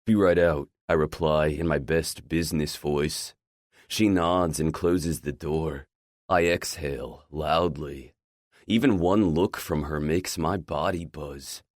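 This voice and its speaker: A man narrating a romance audiobook in the first person, measured and inward. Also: rumbling low, no room sound, clean studio sound.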